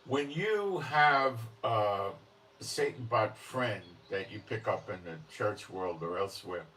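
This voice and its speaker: A man's voice: lowish voice, lively intonation, slow, pushed and bright, recorded from a distance, low-quality recording. A man hosting religious commentary, talking in a blunt, emphatic, unscripted way and often checking in with the listener.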